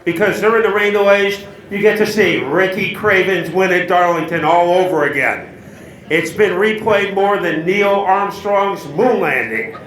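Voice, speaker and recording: High-voiced man hosting a ceremony. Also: a little slow, a bit bright. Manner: joking, introducing speakers. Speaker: master of ceremonies. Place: banquet hall. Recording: echoey hall.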